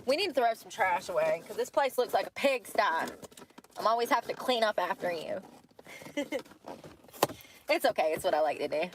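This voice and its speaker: A woman's voice: medium pitch, lively intonation, moderate pace, pauses often, noisy background. Chatty, swearing woman. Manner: chatty, laughs often, swears freely. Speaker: vlogger. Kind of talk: casual chat.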